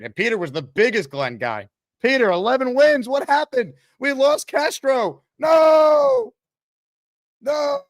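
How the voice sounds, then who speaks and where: A man's voice: on the high side, sharp tone, no room sound, clean studio sound. A male host of a sports talk livestream, talking energetically and reading out viewer comments.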